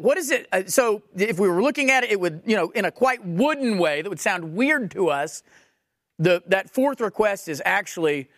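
A man's voice: high-pitched, a bit bright, dry recording, clean studio sound. A man preaching a sermon, emphatic and questioning, repeating phrases for stress. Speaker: pastor.

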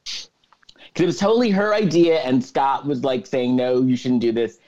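A man's voice: mid-range voice, normal speed, dull audio. A man co-hosting a podcast, casually recapping a movie plot and acting out the characters' lines. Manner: animated retelling with acted-out quotes. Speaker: podcast co-host.

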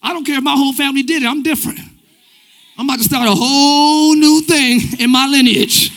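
High, bright-voiced male preacher. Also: fairly quick, a little hiss or hum. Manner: energetic, conversational preaching with slang. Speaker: pastor. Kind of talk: live church sermon. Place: church sanctuary.

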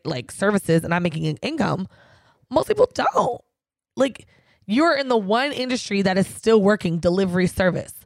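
Woman, podcast co-host, animated rant, heavy swearing, dry close mic. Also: mid-range voice, vocal fry, dry recording. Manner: animated, swears a lot, ranting. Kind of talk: casual podcast chat.

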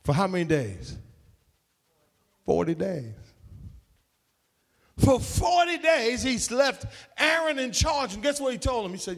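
A man's voice: sits high, sing-song, unhurried, pauses often. A man preaching a sermon in an emphatic, call-and-response way, with folksy slang.

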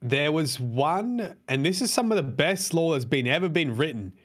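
A man's voice: a little high, animated, normal speed. Rambling man in casual chat. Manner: rambling, swears casually, many fillers. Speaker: podcast co-host.

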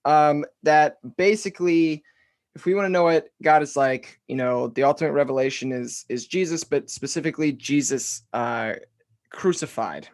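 A man hosting a casual interview, relaxed, summarizing the guest's ideas back with filler words. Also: a little high, moderate pace. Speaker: podcast host.

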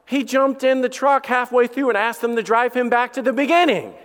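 Very high-pitched and brisk, with a fairly bright tone, the middle-aged pastor keeps his sermon casual and humorous, though it's littered with fillers and restarts. Long hall reverb from the church sanctuary surrounds him.

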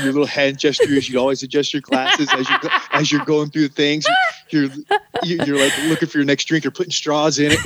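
A man's voice: fairly high pitch, animated, a little fast, a bit bright, a little hiss or hum. A man talking casually and candidly about managing restaurant staff, rambling and swearing now and then. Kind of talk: casual conversation.

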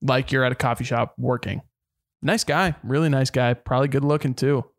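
A man's voice: medium pitch, steady tone, a little fast. A young man hosting a podcast game in a laid-back, joking way. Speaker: podcast host running the game. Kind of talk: casual podcast chat.

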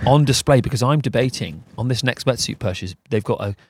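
A man's voice: mid-range voice, brisk. Laughing male podcast host. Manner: laughs often, crude teasing jokes; calm guided breathing instructions in the mindfulness segment. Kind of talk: casual podcast banter.

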